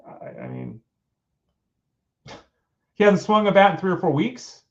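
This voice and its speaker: Middle-aged male sports show host, fairly high voice, exasperated and rhetorical, muffled lo-fi recording. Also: wildly swooping pitch, moderate pace, pauses often. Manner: exasperated, fires off rhetorical questions. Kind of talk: casual opinionated commentary. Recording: dull lo-fi sound.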